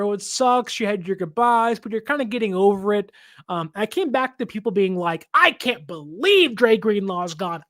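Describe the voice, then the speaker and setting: A young adult man with a high-pitched voice hosts a sports podcast on a dry recording. He offers casual, chatty reaction commentary, laughing often and acting out fans' complaints.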